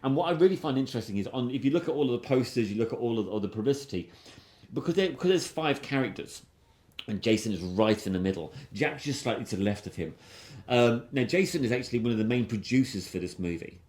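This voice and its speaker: A man's voice: medium pitch, lively intonation, fast, a little mellow. A man hosting a film review podcast, rambling and enthusiastic in casual chat, with frequent restarts. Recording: roomy echo.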